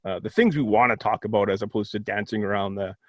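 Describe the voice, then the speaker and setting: A man's voice: lowish voice, fast, dry recording, dull audio. A man in a casual film review chat who rambles and restarts his thoughts often.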